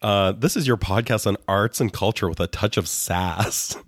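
A man with a very low, raspy voice, sick in bed and full of vocal fry. He co-hosts a casual podcast, joking and laughing as he goes. The sound is close and dry. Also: normal speed, dry recording. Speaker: podcast co-host.

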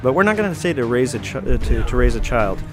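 A man's voice: medium pitch, big pitch swings, quick pace, over music. A middle-aged man hosting a talk show, reading out rules in a dry, joking way. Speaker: host. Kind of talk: casual talk show banter.

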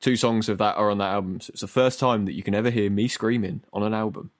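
A man hosts a casual music podcast in a lowish voice. He is animated and sweary and tells stories with energy. The sound is dry and close. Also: fast, no echo. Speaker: podcast host. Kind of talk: casual chat.

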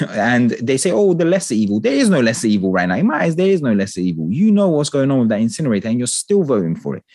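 A man in casual political chat, talking with passion, swearing and ranting in an animated way. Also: mid-range voice, quick pace, slightly rough, no echo, clean studio sound. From England.

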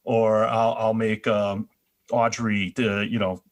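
Relaxed male podcast co-host. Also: lowish voice, slow pace. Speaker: podcast co-host recapping a TV episode. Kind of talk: casual chat.

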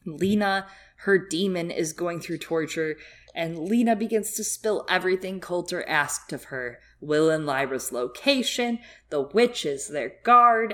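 A woman with a low voice talks casually and at length about a book. She rambles and fills her sentences with asides and fillers. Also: a bit bright. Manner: chatty, rambling, many fillers. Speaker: podcast co-host.

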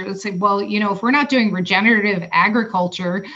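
A woman's voice: mid-range voice, a little fast, fairly bright tone, highs cut off. A woman being interviewed, talking casually with many fillers in an upbeat way. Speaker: wine producer guest. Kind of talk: conversational interview.

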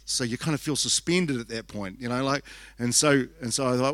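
A man's voice: medium pitch, lively intonation, fairly quick, a bit bright, no echo. A middle-aged pastor tells a conference story. He rambles and acts out the quotes with self-mocking asides. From New Zealand.

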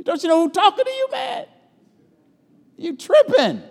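A man's voice: very high-pitched, big pitch swings, moderate pace, gravelly, darkish tone, pitched above the performer's own voice, heavily acted. A man voicing a pompous, indignant Roman governor who talks down to his prisoner in slangy, incredulous bursts. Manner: haughty, incredulous, street-talking. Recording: long reverb in a large hall.

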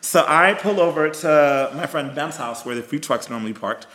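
A man, co-hosting a podcast and telling a story in an animated, chatty way, calling listeners y'all and girl. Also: a little high, moderate pace. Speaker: podcast co-host. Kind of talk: casual storytelling chat.

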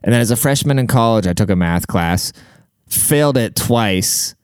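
Profane rambling man, smooth dry voice. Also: on the low side, expressive, normal speed, no room sound. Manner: profane, self-deprecating, rambling with many fillers. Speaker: comedian and podcaster. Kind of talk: casual rambling monologue.

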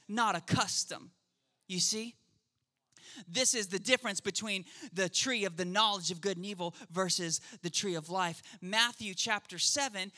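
Lively man preaching a sermon, bright voice. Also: sits high. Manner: conversational preaching, checks in with the crowd; acts out quoted voices in a lively way. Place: church service.

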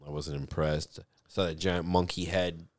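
A young man co-hosting a casual podcast, telling profane, laughing stories in lively chat. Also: low voice, unhurried, no echo. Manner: profane, laughing, animated storytelling. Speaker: podcast co-host.

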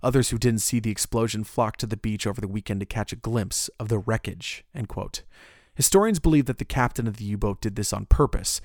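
A man's voice: fairly low pitch, brisk, a little mellow, no room sound, clean studio sound. A man narrating history in a casual, conversational way, with joking asides.

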